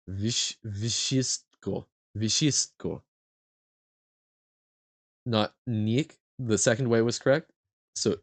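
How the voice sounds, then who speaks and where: A man streaming a live quiz, thinking aloud and haltingly sounding out foreign words as he guesses. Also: mid-range voice, no room sound.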